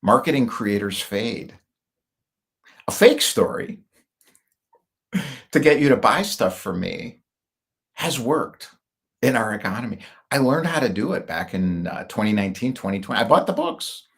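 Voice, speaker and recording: Low gravelly man telling stories. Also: animated, a little slow, pauses often, a bit bright. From United States. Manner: rambling, anecdotal, wry asides. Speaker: speaker. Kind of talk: casual storytelling monologue.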